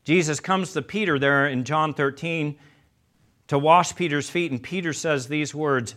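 A man preaching a sermon and retelling scripture as a story. He acts out the quoted lines in quieter, slower voices. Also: on the high side.

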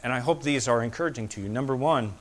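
Talking fast in a mid-range voice, this middle-aged pastor delivers a sermon that lurches from loud, excited highs to soft, hushed asides.

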